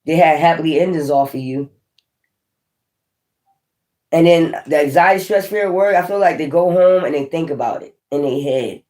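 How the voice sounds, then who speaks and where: Profane, animated male tarot reader. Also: a little high, normal speed, long pauses. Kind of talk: casual tarot reading.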